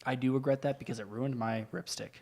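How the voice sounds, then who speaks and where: A man's voice: mid-range voice, steady tone, quick pace, creaky, darkish tone. A young man co-hosting a podcast, chatting casually, rambling and laughing as he goes. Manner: rambling, laughs often, restarts words. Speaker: podcast co-host. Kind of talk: casual chat.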